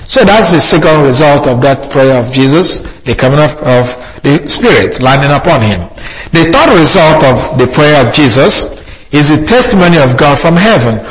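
A man preaching an expository sermon, measured and deliberate, slowing right down to quote scripture with emphasis. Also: a little high, rough recording. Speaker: pastor.

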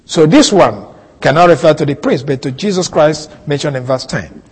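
Man, Bible teacher, sermon, deliberate, repeats key words, husky, fairly high voice. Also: lively intonation, a little mellow, big-room sound, low-quality recording. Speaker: preacher.

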